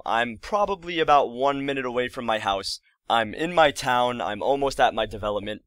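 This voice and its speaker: A man in his early twenties telling a story to his viewers in a casual, exasperated and rambling way, full of quick asides. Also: medium pitch, fairly bright tone, no echo. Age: early 20s. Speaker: vlogger.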